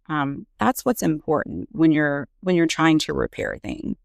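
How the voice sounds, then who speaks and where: A woman's voice: low-pitched, animated, moderate pace, gravelly, few pauses, dry recording, clean studio sound. A woman nurse practitioner and parent talking candidly in a casual podcast conversation, with frequent fillers. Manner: earnest, candid, frequent "you know" fillers.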